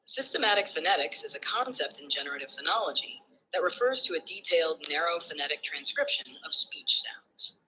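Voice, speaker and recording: A text-to-speech assistant voice giving smooth, structured explanations in numbered points. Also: medium pitch, animated, fairly quick, sharp tone, a little hiss or hum, rough recording. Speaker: AI assistant answering questions.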